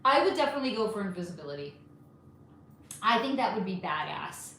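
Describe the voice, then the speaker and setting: A woman's voice: mid-range voice, very animated, a little fast, a bit bright, a little hiss or hum. A woman hosting a casual livestream, chatting animatedly and answering viewer comments one by one. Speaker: livestream host reading chat. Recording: echoey room.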